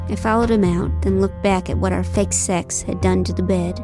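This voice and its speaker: A woman narrating a comic novel in the first person, with a deadpan, wry delivery. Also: medium pitch, normal speed, few pauses, music in the background. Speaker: audiobook narrator.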